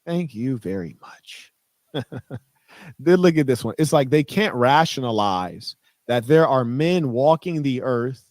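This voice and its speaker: Boastful man with a lively voice. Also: medium pitch, no room sound. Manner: boastful, condescending. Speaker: online personality in a clipped video. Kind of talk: boastful monologue.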